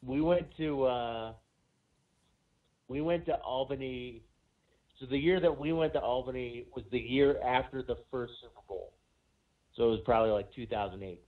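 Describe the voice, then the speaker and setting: Dude telling a long story on a podcast, sounds thin like a phone line. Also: male voice, medium pitch, normal speed, long pauses. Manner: rambling anecdote with many fillers. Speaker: podcast co-host. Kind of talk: casual chat.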